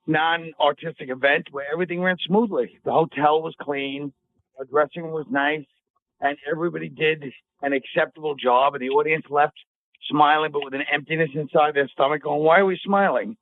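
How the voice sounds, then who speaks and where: A male comedian trading sarcastic, deadpan jabs in casual radio banter. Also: a little high. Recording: tinny phone-like radio audio.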